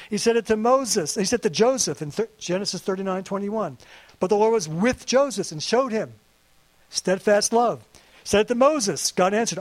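A man with a high voice preaching to his congregation. He is earnest and conversational, and he slips in playful asides as he goes. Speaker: pastor. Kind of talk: sermon. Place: church service.

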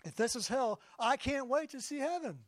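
A man's voice: very high voice, animated, moderate pace, no room sound, voice pushed up. A man voicing a middle-aged billionaire in a comic joke told during a sermon, plain-spoken and eager. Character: Bill Gates, a middle-aged billionaire, eager then dismayed.

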